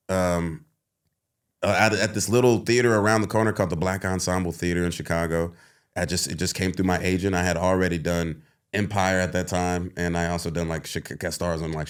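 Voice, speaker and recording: Low-pitched male actor, thirties, animated anecdote teller who laughs often and acts out others' lines. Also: a little fast, clean tone. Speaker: guest actor. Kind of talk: animated storytelling.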